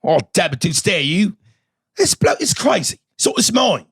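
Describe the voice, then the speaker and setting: A man's voice: sits high, sing-song, moderate pace, a bit bright, husky, dry recording, studio quality, pitched above the performer's own voice, heavily acted. A man putting on a mock British accent to play a swearing, threatening tough guy in a bar. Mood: mock menacing. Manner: blustering, swearing, mock-menacing.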